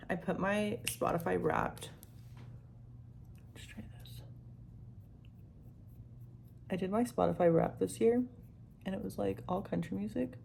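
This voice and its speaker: A woman's voice: mid-range voice, creaky, a little mellow, a little hiss or hum. A young woman chatting through a makeup tutorial in a rambling, casual way, full of "like" and the odd swear, sometimes dropping to a near-whisper. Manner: rambling, filler-heavy, frequent "like", swears casually. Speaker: vlogger.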